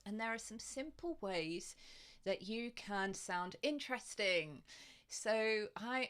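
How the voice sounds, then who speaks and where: A woman voice coach talks into a desk microphone from her home office, taking her time over each point. Her delivery is chatty and demonstrative, and she keeps showing what she means with her own voice. Her pitch sits in the middle range. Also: a bit bright. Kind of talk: online presenting tips to camera. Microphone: desk microphone in front of her.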